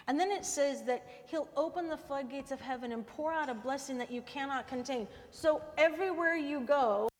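High-voiced woman preaching a sermon. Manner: warm conversational preaching, often asks "right?". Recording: long hall reverb.

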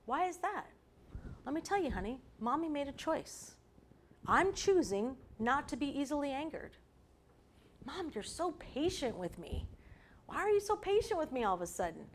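A woman preaching a sermon to a women's group, earnest and dropping to a soft hush for emphasis. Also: high voice, sing-song, normal speed, a little hiss or hum. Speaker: women's ministry speaker.

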